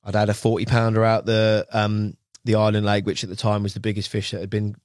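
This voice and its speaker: Low-voiced chatty man. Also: completely flat delivery, a little fast, a little mellow, dry recording, clean studio sound. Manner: rambling, chatty, often slips into quoting others. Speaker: guest angler. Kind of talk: casual storytelling.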